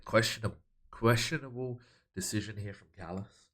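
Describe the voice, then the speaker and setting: A man co-commentating a wrestling management game in a relaxed, conversational way. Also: fairly low pitch, moderate pace. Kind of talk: casual let's play commentary.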